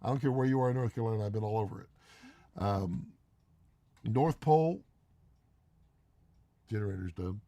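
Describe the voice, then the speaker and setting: Gravelly man rambling on a live stream. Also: fairly low pitch, moderate pace, long pauses, warm tone, dry recording. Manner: rambling, teasing, laughs often. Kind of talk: casual live chat, reading viewer comments.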